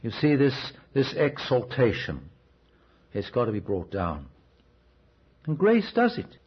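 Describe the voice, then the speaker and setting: A man's voice: medium pitch, wildly swooping pitch, a little slow, breathy edge. A man preaching a sermon in a conversational, storytelling way, often asking the listeners questions. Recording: dull, restored cassette recording.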